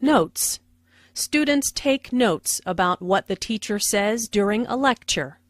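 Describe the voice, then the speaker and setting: A woman explaining English phrases as a teacher, in a careful, clear lesson voice on a dry studio mic. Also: mid-range voice, animated, slow, dry recording. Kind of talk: slow, clear lesson narration.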